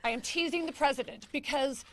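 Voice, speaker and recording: High-voiced joking woman in her fifties. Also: fairly quick, a bit bright. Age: 50s. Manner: joking, self-mocking, nervous. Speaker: comedian. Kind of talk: press conference statement.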